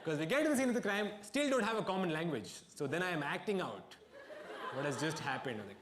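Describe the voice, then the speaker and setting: A man's voice: on the high side, expressive, fast, echoey room, background noise. A male stand-up comedian telling a story in a dry, self-mocking way at a live comedy venue, with audience laughter.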